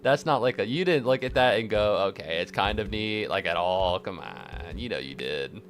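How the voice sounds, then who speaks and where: A man streaming casually, sarcastic and swearing often, swinging from mock-angry rants to quiet deadpan asides, sounding tired and stressed. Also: on the low side, moderate pace, a little hiss or hum. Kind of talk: casual live-stream chat.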